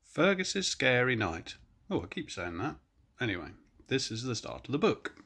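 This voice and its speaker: Slow, lively older grandad reading a storybook. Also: male voice, fairly low pitch, husky. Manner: gentle, expressive, pointing out pictures. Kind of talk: reading a picture book aloud to children.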